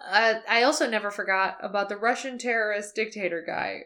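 A woman's voice: medium pitch, steady tone, a little fast, pushed and bright. A woman co-hosting a casual podcast chat, making dry, wry asides. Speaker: podcast co-host.

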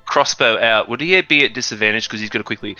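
A man playing a tabletop game, asking quick rules questions in a casual, easygoing way. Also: on the low side, sharp tone, dull audio, faint music behind. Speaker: player.

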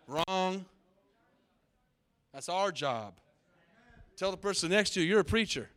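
A man's voice: high voice, expressive, unhurried, pauses often, fairly bright tone. A middle-aged man preaching a sermon as pastor from the pulpit, emphatic, with call-and-response to the congregation. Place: church sanctuary.

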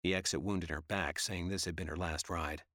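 Reading from a gritty novel, this male audiobook narrator keeps a steady, measured pace in a very low voice. It's scripted narration, recorded close and dry without any room sound.

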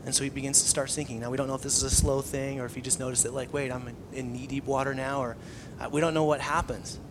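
A man's voice: medium pitch, very fast, background noise. A man preaching a conversational sermon, acting out scenes with lots of energy. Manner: conversational, animated, acts out scenes. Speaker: pastor.

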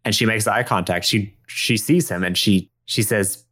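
A man playing a tabletop role-play game in a relaxed, playful way. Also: lowish voice, normal speed, few pauses, slightly rough. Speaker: player.

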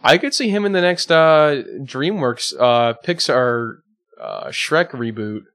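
A man's voice: mid-range voice, expressive, slow pace, a bit bright. A man co-hosting a podcast, laid-back, throwing in dry asides in casual chat. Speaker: podcast co-host.

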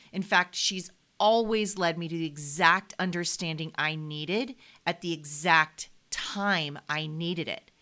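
Bright-voiced woman podcaster, chatty. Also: fairly low pitch. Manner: chatty and heartfelt, many fillers. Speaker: podcast host. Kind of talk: casual solo podcast monologue.

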